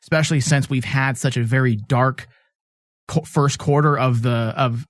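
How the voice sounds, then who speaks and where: A man's voice: mid-range voice, fairly even intonation, moderate pace, no echo. A man with a mid-range voice chats as a podcast co-host, easygoing and a little teasing. He fills his sentences with "you know" and small hesitations. The sound is dry and close to the mic. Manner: chatty, hesitant fillers, teasing. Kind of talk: casual episode discussion.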